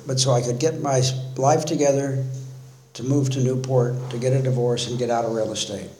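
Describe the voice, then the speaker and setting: A man's voice: mid-range voice, dark tone. Wry storytelling man in an echoey room. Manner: wry storytelling, acting out his own thoughts. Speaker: recovery meeting speaker. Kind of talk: personal recovery talk. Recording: echoey room with faint noise.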